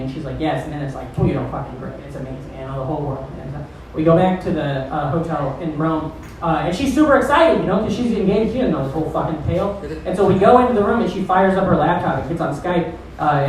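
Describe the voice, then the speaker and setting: A man hosting a stand-up show, rambling through a story with loose, profane asides. He sounds far from the mic, and his voice rings around a very echoey club room with faint noise underneath. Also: fairly high pitch. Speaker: comedy show host. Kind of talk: stand-up comedy. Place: comedy club stage. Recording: roomy, distant club recording.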